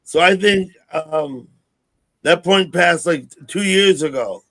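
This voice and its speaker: A sixty-year-old man hosting a casual livestream chat, rambling and thinking out loud. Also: sits high, slow. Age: 60s. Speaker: livestream host.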